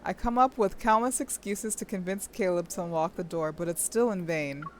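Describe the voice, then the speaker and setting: A young woman streaming, reading a game's story aloud and breaking off into gushing, excitable commentary with squeals and laughter. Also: lowish voice, normal speed, a little hiss or hum.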